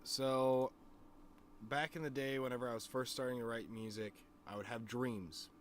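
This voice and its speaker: A man's voice: mid-range voice, steady tone, normal speed, very noisy. A man streaming to his chat, telling a rambling story in a casual, profane way, with lots of "you know what I mean.". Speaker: streamer and musician.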